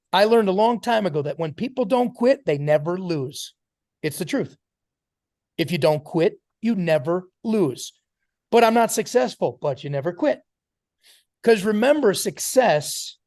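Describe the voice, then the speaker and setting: A man's voice: a little high, dark tone, no room sound, studio quality. A man giving an emphatic motivational talk to a sales team on a video call, calling on listeners by name.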